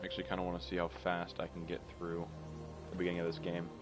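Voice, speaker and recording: A young man with a low voice tossing off joking, offhand commentary while he plays. Clear music runs under his voice. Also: completely flat delivery, fast talker. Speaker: gamer. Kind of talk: casual gameplay commentary.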